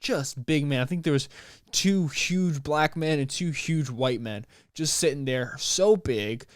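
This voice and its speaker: A young man, hosting his podcast and talking in a rambling, animated, slangy way. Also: a little high, a little slow, dry recording, clean studio sound. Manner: rambling, animated, slangy, with playful put-on voices. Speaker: podcast host. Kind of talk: casual solo podcast monologue.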